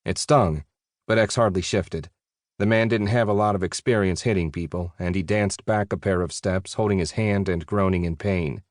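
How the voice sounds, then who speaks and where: A man narrating an audiobook in a steady, even storytelling voice. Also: sits low, normal speed, dry recording, clean studio sound. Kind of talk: scripted narration.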